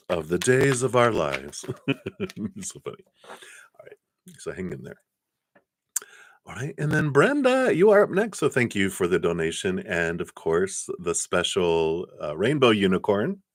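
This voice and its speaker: A man giving a live tarot reading, chatty and warm-humored, laughing often and trailing off with fillers. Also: deep voice, very animated, measured pace, pauses often, no echo. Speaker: tarot card reader.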